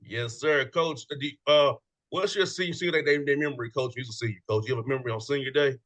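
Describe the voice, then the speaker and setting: A man's voice: mid-range voice, quick pace, a bit bright. A man hosting a show, chatting casually and playfully with a guest, laughing often. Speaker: show host. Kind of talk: casual chat.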